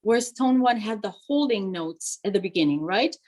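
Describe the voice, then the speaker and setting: A woman's voice: mid-range voice, animated, normal speed, darkish tone, low-quality recording. A woman teaching liturgical chant in an online workshop, explaining tones, breaking into short sung examples and checking in with "right?". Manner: frequent fillers and "right?" checks. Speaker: chant instructor.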